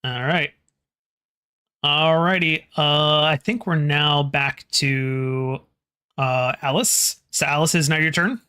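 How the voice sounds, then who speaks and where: A game master running a tabletop horror game, halting and restarting phrases while describing the scene and calling for rolls. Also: mid-range voice, steady tone, pushed and bright, clear, resonant tone.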